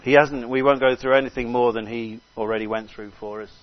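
An older man preaching a sermon with fervour, repeating phrases and crying out hallelujah between soft asides. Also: mid-range voice, steady tone, a little fast. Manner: fervent, swings between loud exclamations and soft asides. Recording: dull lo-fi recording.

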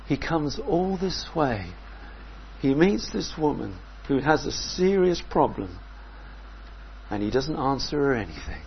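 A man preaching a sermon in a measured, reflective way, often asking his listeners questions. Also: on the high side, big pitch swings, highs cut off, a little hiss or hum.

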